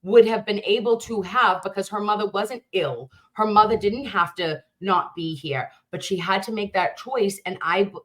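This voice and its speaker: A woman's voice: medium pitch, fairly bright tone. A woman guest, a true crime content creator, talking through cases in a rambling way and often restarting her sentences. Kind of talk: conversational interview.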